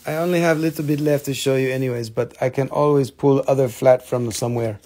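A man's voice: mid-range voice, steady tone, brisk, a little mellow. A man hosting a live crystal sales stream, joking around and switching into playful broken-English banter.

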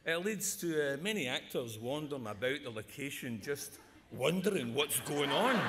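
A man giving a joking, rambling awards speech, often restarting his sentences. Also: fairly high pitch. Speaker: award presenter. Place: large ceremony hall with audience. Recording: echoey hall, audience noise.

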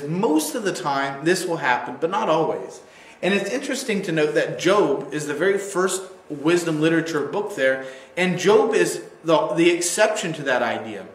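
A man's voice: fairly high pitch, reverberant. A man teaching a church Bible lesson on video in a casual, digressive way, playfully acting out quoted lines.

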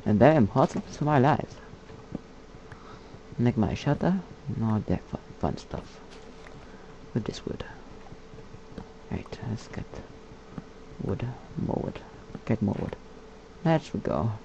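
A man giving casual gameplay commentary in a put-on character voice, muttering, whispering and chatting to the animals on screen. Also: animated. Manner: puts on a slow, low, gravelly character voice. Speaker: gamer. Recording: dull lo-fi mic with faint hiss.

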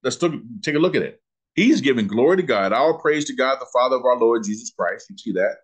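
A man, teaching a Bible lesson in sermon style, asking questions and slowing down to read scripture. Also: mid-range voice, expressive, breathy edge. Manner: preacherly, asks questions and answers them, slows down on scripture.

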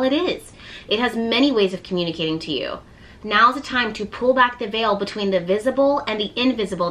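A woman giving a tarot reading to her viewers, gently encouraging them and reading card texts aloud. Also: mid-range voice. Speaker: tarot reader.

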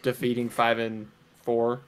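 A man co-hosting a reaction show, riffing quick jokes in casual group banter and filling his talk with "like.". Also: mid-range voice, monotone, music in the background, low-quality recording.

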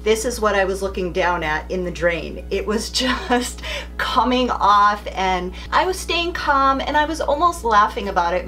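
A woman's voice: medium pitch, bright, forceful tone, a little hiss or hum. A middle-aged woman speaking as a beauty vlogger, telling a story in a chatty, candid way straight to the camera. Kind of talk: casual beauty vlog storytelling.

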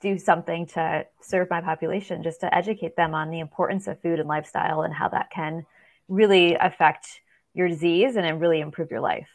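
A woman's voice: lowish voice, fairly even intonation, brisk. A woman guest on a podcast, a dietitian, speaking earnestly with some hesitation. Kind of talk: casual interview.

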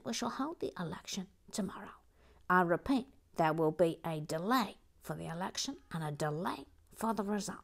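A woman with a slightly low voice hosts a relaxed building stream in casual chat. She murmurs and half-whispers to herself while she works, then brightens to read out viewers' comments. Her tone is playful and affectionate. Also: vocal fry. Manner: soft-spoken, often drops to a murmur or whisper, then perks up; fond and playful, repeats words to herself. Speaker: host building a toy set on a live stream.

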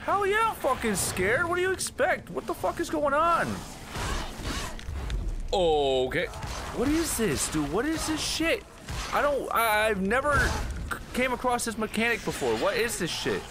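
A man's voice: very high-pitched, sing-song, a little slow, noisy background. A man giving profane, flustered commentary while playing a video game, exclaiming at what happens on screen. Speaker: gaming channel host. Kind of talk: live gameplay commentary.

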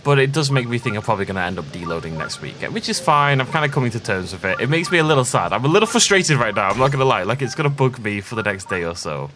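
A man's voice: medium pitch, sing-song, fast, hardly any pauses, over music. A man chatting casually while playing a game, rambling and self-deprecating. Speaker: let's play host. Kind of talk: casual gameplay commentary.

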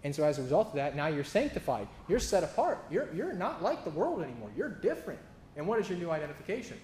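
A man preaches in a loose, sarcastic style, acting out other people's voices as he goes. His voice sits a little higher than usual for a man. A faint hum of the room runs underneath. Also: big pitch swings, fast, darkish tone, roomy sound. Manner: casual, sarcastic and flippant in delivery; acts out quoted voices in storytelling. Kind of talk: sermon. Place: church.

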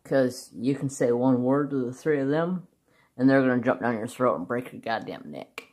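A woman's voice: very deep voice, animated, moderate pace, darkish tone. A woman craft vlogger in casual, rambling chat, laughing often and swearing freely.

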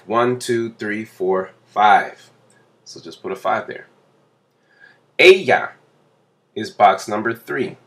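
A male teacher giving a slow, patient, step-by-step explanation in a classroom lesson. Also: medium pitch, a bit bright. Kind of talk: classroom instruction.

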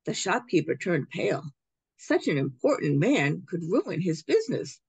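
A woman, a children's book author, reading her picture book aloud with expressive storytelling at a library event. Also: on the low side, normal speed, creaky, slightly rough, no echo.

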